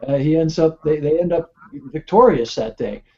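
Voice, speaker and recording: A man's voice: fairly high pitch, moderate pace, darkish tone. A man on a panel talking earnestly, stumbling on his starts and then speaking with conviction. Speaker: guest, fire captain. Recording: muffled lo-fi web call audio.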